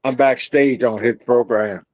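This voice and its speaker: A man joining a live stream as a guest, talking in a slow, laid-back way. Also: mid-range voice, fairly even intonation, dry recording. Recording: dull lo-fi call audio.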